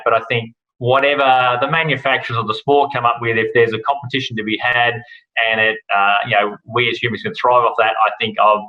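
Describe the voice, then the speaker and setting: An Australian rally broadcast host, interviewed as a guest on a relaxed podcast, talks in a casual, rambling way with frequent fillers and restarts. His voice is mid-range with a sharp tone, recorded with lo-fi sound.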